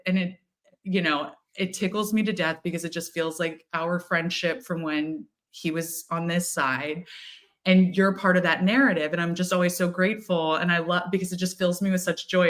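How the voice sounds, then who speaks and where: A woman with a slightly low voice chats casually as a co-host, telling stories with animated energy. She acts out the quotes in her anecdotes. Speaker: co-host, tarot reader. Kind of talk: casual spiritual conversation.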